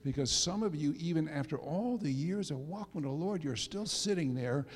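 A middle-aged male pastor preaching a sermon, dropping to soft asides and rising to loud emphasis. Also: a little high, animated, moderate pace, husky. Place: church sanctuary. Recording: long reverb of a church hall.

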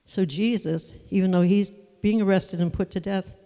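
A preacher giving a sermon, teaching from the Bible in a conversational, unhurried way with asides to the listeners. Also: mid-range voice, steady tone, gravelly, mellow, long reverb tail.

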